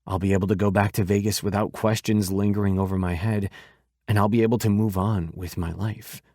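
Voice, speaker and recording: Here a man with a lowish voice narrates an audiobook, his pacing measured and even. It's studio-quality audio without echo.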